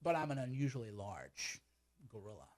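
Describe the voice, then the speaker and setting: A man's voice: mid-range voice, big pitch swings, moderate pace, darkish tone. A man giving casual, sarcastic commentary on a video clip, rambling and laughing often.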